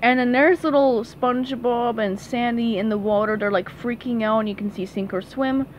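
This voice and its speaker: A woman's voice: a little high, steady tone, moderate pace. A woman casually reviewing a children's picture book, chatty and gushing, with small laughs and restarts. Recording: dull lo-fi audio with faint noise.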